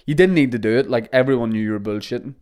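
A man's voice: medium pitch, very fast, darkish tone, smooth. A man hosting a casual solo podcast, rambling through joking stories. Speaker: podcast host.

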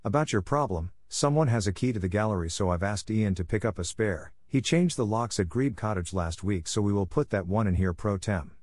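A man reading as a brisk, businesslike estate manager. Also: on the low side, darkish tone, no room sound, lightly acted. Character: practical middle-aged man, exasperated estate manager.

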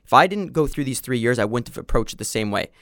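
Animated man telling a story. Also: medium pitch, fast talker, no room sound, studio quality. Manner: animated storyteller, acts out quoted exchanges. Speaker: podcast guest. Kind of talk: casual conversation.

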